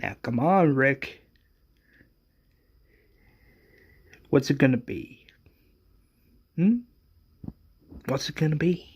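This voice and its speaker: A man voicing a menacing middle-aged villain who taunts and threatens, rising into shouts. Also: a little high, lively intonation, takes it slowly, breathy edge, full character voice.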